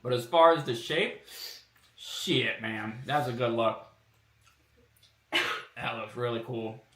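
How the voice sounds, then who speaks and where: Man, live-stream commentary, laid-back and rambling, crisp forceful tone, recorded a bit away from the mic. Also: medium pitch, slow, roomy sound, far from the mic. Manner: relaxed, rambling, thinks aloud with fillers. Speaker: streamer showing car body kit designs. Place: home workshop room.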